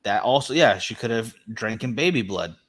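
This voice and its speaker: A man co-hosting a podcast, chatting casually and spinning deadpan, rambling jokes. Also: on the low side, moderate pace. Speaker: podcast co-host. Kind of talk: casual joking chat.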